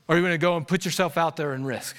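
A male pastor with a high, ringing voice, preaching to a church congregation. He tells animated stories, dropping to a hush and then rising to a shout, and he laughs along with his own stories. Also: quick pace. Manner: animated storytelling, swinging from hushed to shouting. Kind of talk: sermon. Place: church service before a congregation.

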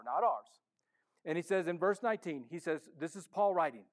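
High-voiced enthusiastic male pastor preaching. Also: animated, fast talker. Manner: casual, swings between hushed and loud, enthusiastic. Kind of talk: sermon. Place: church.

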